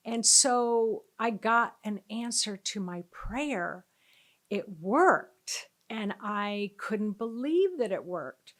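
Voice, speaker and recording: A middle-aged woman speaks earnestly and conversationally, recounting a personal story as a spiritual teacher. Her pitch sits in an ordinary middle range, and she often pauses on fillers as she gathers her thoughts. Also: animated.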